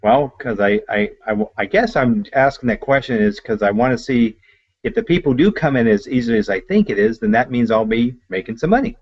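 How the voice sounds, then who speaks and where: A man's voice: mid-range voice, lively intonation, fairly quick, lo-fi sound. A man taking part in a sales training role-play, giving hesitant, agreeable answers.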